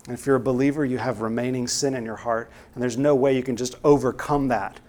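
A man's voice: medium pitch, steady tone, quick pace, darkish tone. A man preaching a sermon, earnest and exhorting, with many direct rhetorical questions to the listeners.

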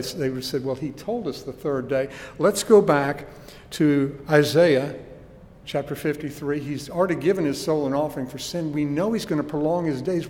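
A man's voice: a little high, a little mellow. Preaching man with a hall echo. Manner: earnest preaching, varied emphasis, rhetorical questions. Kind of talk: sermon.

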